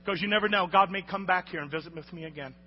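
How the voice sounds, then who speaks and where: A man preaching a sermon to a congregation, calling for responses and shouting at the peaks. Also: sits high, fast talker, slight background noise. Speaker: pastor. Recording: lo-fi recording with long hall reverb.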